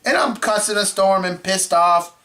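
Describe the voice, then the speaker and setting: Rambling male movie-show host, throat-clearing. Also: sits high, normal speed, sharp tone. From Florida. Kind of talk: casual chat.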